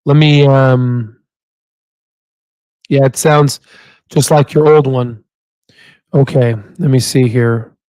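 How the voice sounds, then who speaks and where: A man's voice: medium pitch, fairly even intonation, slow, long pauses, darkish tone, clear, resonant tone, dry recording, studio quality. A man hosting his own stock investing channel in a casual, chatty way, often repeating himself and laughing easily into a new desk microphone. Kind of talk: casual livestream chat.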